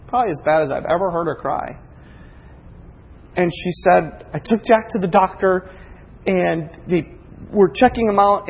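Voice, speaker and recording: A pastor preaching a sermon, telling a personal story earnestly, moving from hushed reflection to impassioned prayer. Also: male voice, sits high, slightly rough, big-room sound, poor audio.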